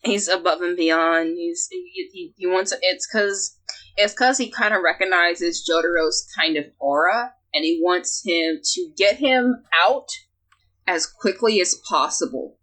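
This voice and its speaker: A woman with a bright, sharp voice reading fanfic aloud with friends. She talks casually and giggles often, breaking off mid-sentence to joke. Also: on the low side, a little slow. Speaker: fanfic reader and co-host. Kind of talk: casual comedic reading and riffing.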